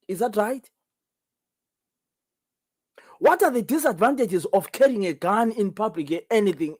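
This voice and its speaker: A Zimbabwean man whose native language is Ndebele hosts a call-in talk show by himself, offering solo commentary. He is emphatic, fires off many rhetorical questions, and repeats himself, in a high-pitched voice with a darkish tone.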